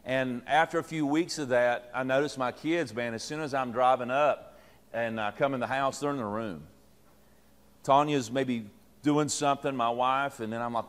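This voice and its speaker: A man's voice: medium pitch, moderate pace. A middle-aged man, a pastor teaching leaders in a folksy, joking way with many fillers and restarts. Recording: long reverb from a hall.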